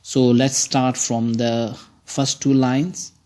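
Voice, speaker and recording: A man teaching students, explaining a poem in a slow, halting way with frequent pauses. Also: medium pitch, flat delivery, darkish tone.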